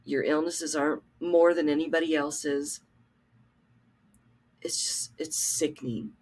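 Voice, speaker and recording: A woman at home talks slowly and deliberately while she calls someone out. Her tone is scornful and mocking, with laughter breaking into the anger. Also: sits low, little pitch movement, darkish tone. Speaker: reaction video host. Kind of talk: angry call-out commentary.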